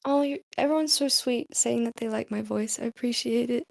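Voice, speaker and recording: A woman hosting a casual live chat, soft-spoken, giggly and rambling. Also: a little high, a little fast, gravelly, dry recording, clean studio sound. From Australia. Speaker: host.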